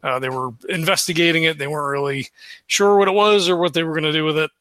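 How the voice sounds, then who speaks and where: A man casually recaps the last session of a tabletop game for a podcast, sounding loose, packing in fillers, and laughing easily. His voice is fairly high and a bit bright, with fairly even intonation and a fast pace, recorded with no echo.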